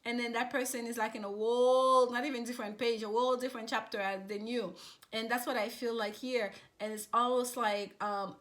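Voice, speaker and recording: A woman's voice: on the high side, fairly bright tone. A woman giving a casual tarot reading, chatty and rambling, with many fillers and restarts. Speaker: tarot reader.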